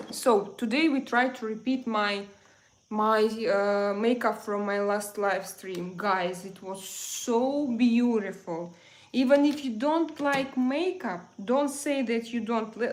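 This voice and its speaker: Slow-talking woman live streamer, chatty. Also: a little high, rough recording. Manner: chatty, teasing, addresses viewers directly. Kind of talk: casual live-stream chat.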